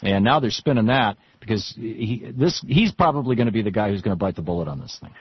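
Husky talk radio host. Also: male voice, on the low side, quick pace, no echo. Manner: animated, restarts often, stammers. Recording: dull radio broadcast sound.

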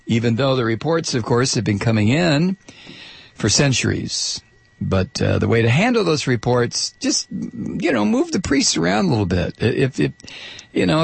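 A man's voice: medium pitch, creaky, slightly rough, no room sound. A man hosting a talk radio show, rambling through a sarcastic monologue close to a studio mic. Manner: sarcastic, rambling, mock voices.

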